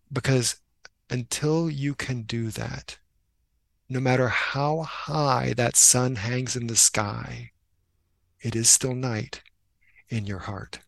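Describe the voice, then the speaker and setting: A man who is a Christian minister and writer, talking as a guest in an earnest, reflective storytelling way that slows down for emphasis. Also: mid-range voice, steady tone, creaky, no room sound.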